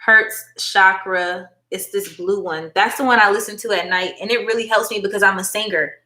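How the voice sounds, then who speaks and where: There's a pushed, bright quality to this woman's steady mid-range voice, delivered at a normal pace. Hosting a live tarot reading on her phone in a room with echo, she's affectionate and talkative, calling everyone honey and baby girl.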